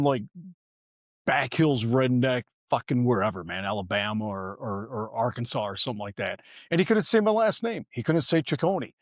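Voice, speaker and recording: A man's voice: medium pitch, no echo, clean studio sound. A man hosting a podcast in casual chat, laid-back and swearing, often ending lines with "man". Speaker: podcast host.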